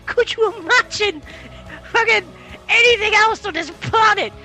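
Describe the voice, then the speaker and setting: High, bright-voiced British man ranting. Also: measured pace, faint music behind, rough recording. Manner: swearing, exasperated, bursts into shouting. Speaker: host. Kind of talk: comedic rant.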